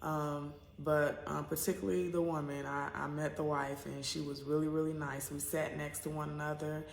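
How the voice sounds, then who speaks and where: A woman's voice: sits low, level tone, moderate pace, creaky, echoey room, slight background noise. A woman from the United States telling a personal story to camera in a rambling, candid way, full of fillers and restarts. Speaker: vlogger.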